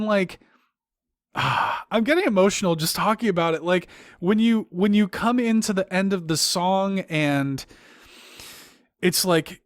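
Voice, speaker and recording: A man co-hosting a podcast, talking in a halting, emotional way, with many restarts and fillers. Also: on the high side, no echo. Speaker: podcast co-host. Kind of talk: casual podcast discussion.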